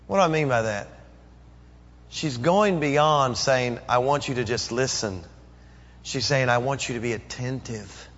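A man's voice: mid-range voice, a little slow, a bit bright. A middle-aged male pastor preaching a sermon, dramatically acting out pleading prayers. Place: church. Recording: dull echoey church recording.

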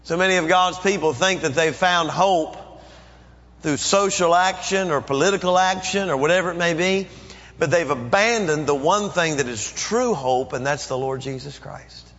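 A middle-aged pastor's fairly high, fairly bright voice fills a church as he preaches at a normal speed, theatrically performing pleading prayers. The recording sounds dull and echoey, typical of a church.

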